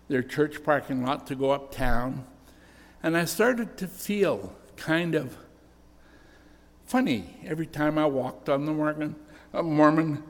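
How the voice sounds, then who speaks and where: Older guy preaching, earnest story-telling sermon, slow, big church reverb. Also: a little high. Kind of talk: sermon with personal testimony. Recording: echoey church hall reverb.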